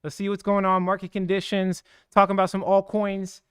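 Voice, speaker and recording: A man hosts a livestream in a fast, hyped, slangy rush. His voice sits high and comes across smooth and clear. The sound is dry and close, with no room echo. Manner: energetic, slangy, hype-driven. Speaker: crypto livestream host. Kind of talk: casual hyped livestream talk.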